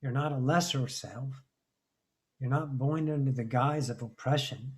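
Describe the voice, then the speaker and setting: A man's voice: mid-range voice, steady tone, a little slow. A man giving a live spiritual talk, intense and rambling, swearing often as he preaches about identity and freedom. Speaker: spiritual teacher.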